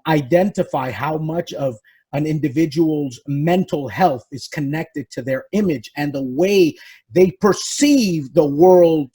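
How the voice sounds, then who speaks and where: A man hosting a podcast interview, speaking reflectively with frequent pauses and restarts. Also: fairly high pitch, mellow, breathy edge. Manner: reflective, halting, many restarts. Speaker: podcast host. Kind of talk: casual interview conversation. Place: South Florida.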